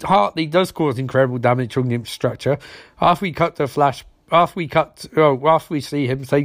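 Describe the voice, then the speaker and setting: A young man giving a sarcastic, rambling recap of a TV episode, mocking the characters by acting out their lines in quick put-on voices. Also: a little high, dry recording, clean studio sound. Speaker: TV episode reviewer.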